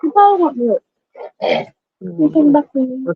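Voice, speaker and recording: A woman streamer chatting casually to a baby, cooing and halting, repeating her words. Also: high voice, lively intonation, dry recording. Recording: tinny phone-like dry sound.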